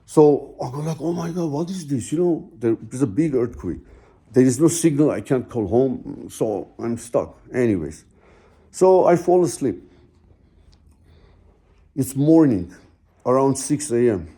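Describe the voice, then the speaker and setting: Deep mellow man telling a story. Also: animated, unhurried, pauses often, husky. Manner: rambling, heartfelt, full of "you know" and "man". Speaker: vlogger telling his own story. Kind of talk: casual spoken storytelling.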